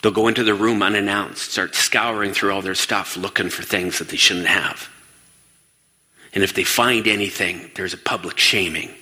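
Addressing an audience in lively stage talk, a man speaks with energy in a bright, forceful tone, firing questions at the room and slipping into quoted voices to act them out. His voice is low, with a steady tone at normal speed, and it rings with the long reverb of a large hall.

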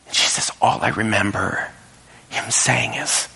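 A male pastor delivering a sermon and telling a story, dropping to whispers and rising high when he quotes people. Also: a little slow, creaky, sharp tone, breathy edge. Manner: storytelling, drops to whispers and rises high when quoting others. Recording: echoey hall with long reverb.

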